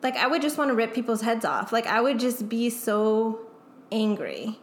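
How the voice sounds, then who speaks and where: A woman's voice: fairly high pitch, sing-song, moderate pace. A young woman as a guest, speaking candidly and emotionally in a casual chat, full of "like" fillers and swearing. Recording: echoey room.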